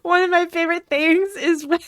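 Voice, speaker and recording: A woman co-hosting a podcast in casual chat, telling stories in an animated way and swearing a lot. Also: very high voice, a little fast. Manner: animated, swearing, laughing storyteller. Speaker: podcast co-host.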